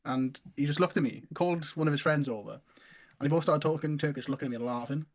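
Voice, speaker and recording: A man's voice: a little high, quick pace. A man telling self-mocking stories on a casual podcast with a wry humor. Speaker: podcast co-host. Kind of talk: casual storytelling chat.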